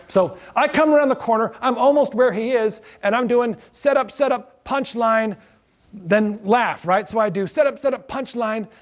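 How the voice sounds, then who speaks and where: A man with a notably high voice lectures to a class, spinning comic anecdotes. He laughs at his own punchlines and wanders into asides, stopping to correct himself mid-sentence. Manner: joking storyteller, laughs at his own stories; self-correcting, rambling asides. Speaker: lecturer and former ride skipper.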